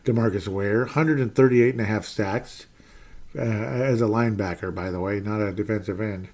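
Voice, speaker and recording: Guy in his 40s ranting about his football team, lowish voice, rambles and mutters to himself. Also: steady tone, moderate pace, darkish tone. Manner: rambling, self-deprecating, exasperated, trails into muttered asides. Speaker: podcast host reading chat comments. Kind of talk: casual live-stream sports rant.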